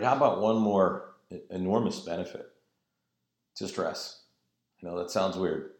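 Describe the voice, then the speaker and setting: A man's voice: sits low, creaky. A man preaching a sermon in an earnest, emphatic way, drawing out his phrases. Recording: roomy echo.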